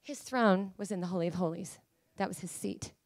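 A woman preacher delivering a sermon, emphatic and pleading, at times rising to high fervent cries. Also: a little fast.

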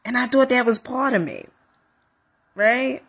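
A woman life coach giving a casual motivational talk, animated, repeating phrases and calling listeners honey. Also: on the high side, a little slow, creaky, breathy edge.

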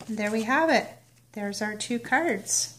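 A woman's voice: on the high side, expressive, measured pace, fairly bright tone, slight background noise. A woman demonstrating card making, chatting casually as she works and narrating each step. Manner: chatty, self-narrating while working. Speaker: papercraft demonstrator. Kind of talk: casual crafting tutorial.

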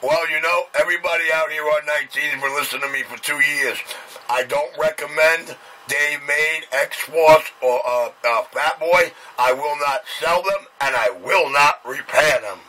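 A man's voice: fairly high pitch, normal speed. A man, a CB radio repair tech, trading brash banter on the air. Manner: brash, cocky trash talk. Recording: static-heavy CB radio transmission.

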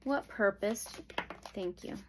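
A woman giving a pick-a-pile tarot reading, slow and soothing, with sudden excited outbursts. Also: medium pitch, noisy background. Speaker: tarot reader.

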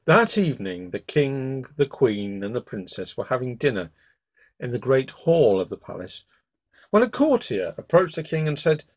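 A man reading a classic fairy tale aloud as a bedtime storyteller, with expressive read-aloud delivery. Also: medium pitch, moderate pace, slightly rough.

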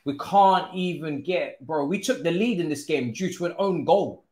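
A young man, commentating his own football game live, groaning, swearing and now and then cheering loudly. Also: on the high side, moderate pace, reverberant. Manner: exasperated, groaning and swearing, swinging to loud cheers. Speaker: gaming streamer.

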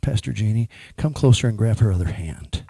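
A man's voice: fairly low pitch, animated, fairly quick, vocal fry, warm tone, slightly rough, no room sound. A man ministering as a prophet, speaking emphatically and praying over a woman in church. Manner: emphatic, prays over a person.

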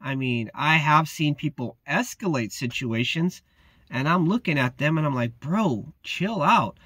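A man's voice: on the high side, moderate pace, fairly bright tone, no room sound. A man who works as a security guard, talking casually in a laid-back, slangy way and often saying "man". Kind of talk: casual vlog talk.

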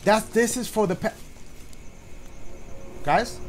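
Man, high voice, very animated, jokey let's-play commentary, nervous mutters, faint music behind. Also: a little slow, pauses often. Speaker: gaming YouTuber.

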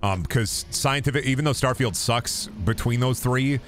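A man streaming a video game, cursing and trash-talking loudly, then dropping to low mutters. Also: moderate pace, soft background music. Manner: profane, rowdy trash talk to the game; jumps between loud yelling and low mutters. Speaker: gaming streamer. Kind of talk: live gaming stream commentary.

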